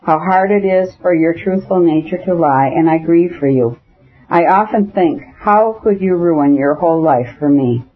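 A man's voice: a little high, normal speed, close to an everyday voice. A man reading an audiobook, voicing a proud, anguished young noblewoman whose lines swing between irony and pleading. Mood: tender. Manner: ironic, then pleading and tender. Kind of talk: audiobook dialogue. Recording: dull lo-fi audiobook recording.

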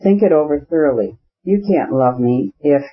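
A man's voice: fairly high pitch, lively intonation, moderate pace. A man voicing an anxious, jealous young man in a storybook reading, gloomy and imploring. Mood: despairing. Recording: slightly muffled audio.

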